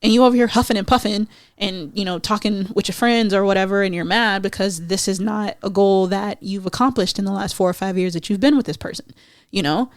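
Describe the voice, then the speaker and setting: A woman hosting her own podcast, talking in a blunt, swearing, animated rant. She drops into mocking impressions to drive a point home. The recording is dry and close. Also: medium pitch, brisk, dry recording. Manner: blunt, profane, animated ranting with mocking voices. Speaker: podcast host. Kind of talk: casual solo rant.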